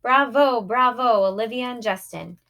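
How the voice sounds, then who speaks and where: A woman voicing a theatrical, exuberant male drama teacher who praises his students loudly. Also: a little high, lively intonation, fairly quick, pitched above the performer's own voice.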